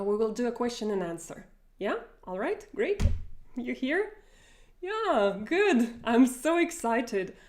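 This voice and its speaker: A woman's voice: a little high, a little mellow. A woman whose first language is Russian, teaching a chatty live online lesson over a video call, with frequent fillers and laughs.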